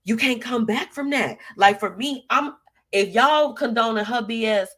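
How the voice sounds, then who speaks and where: A woman's voice: a little high, normal speed, fairly bright tone. A young woman hosting a live show, chatting casually and sassily while reading out viewer comments, with lots of slang and laughter.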